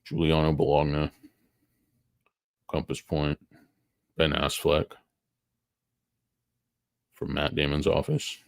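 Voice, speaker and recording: A man's voice: rumbling low, monotone, slow, creaky, long pauses, no echo, studio quality. A tired man hosting a stock market show, rambling through casual, profane, joking commentary that wanders off topic.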